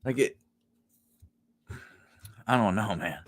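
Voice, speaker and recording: A man's voice: on the low side, animated, slow. A man hosting a live chat with viewers, talking bluntly with lots of swearing, fillers and restarts, and growing indignant. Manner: indignant, rising into outrage. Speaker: livestream host.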